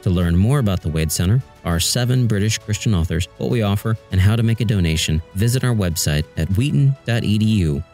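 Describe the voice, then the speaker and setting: A man's voice: on the low side, lively intonation, a little fast, hardly any pauses, darkish tone, soft background music. A man producing a podcast, asking the hosts questions and reading the closing announcement. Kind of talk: casual questions and scripted outro.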